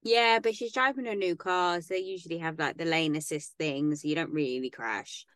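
A woman with a slightly low voice co-hosts a casual podcast, chatty and sarcastic, sometimes tripping over her words. The sound is dry and close, with no room around it. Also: moderate pace, fairly bright tone, no room sound. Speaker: podcast co-host. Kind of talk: casual chat.

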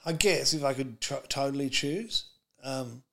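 Gravelly-voiced man, rambling chat. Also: mid-range voice, measured pace, fairly bright tone. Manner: rambling, many fillers and restarts. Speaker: podcast guest, comedian. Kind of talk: casual interview chat.

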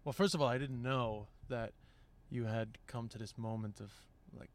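Male host, casual chat, thoughtful questioner, average pitch. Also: steady tone, normal speed, dry recording. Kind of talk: casual conversation.

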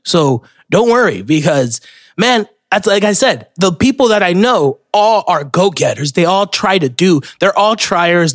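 A man's voice: fairly high pitch, no echo, studio quality. A young man hosting a podcast, telling rambling, profane stories in a casual solo monologue. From Florida. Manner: rambling, profane, self-interrupting storyteller. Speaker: podcast host.

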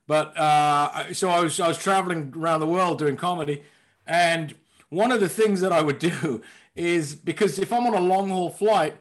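Joking man comedian on a call. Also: on the high side. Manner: joking, laughing, quick asides. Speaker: guest comedian. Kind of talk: casual chat.

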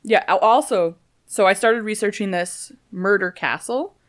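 A woman's voice: mid-range voice, unhurried. A woman, co-hosting a podcast in casual chat and telling stories playfully. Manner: playful, animated storytelling. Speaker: podcast co-host.

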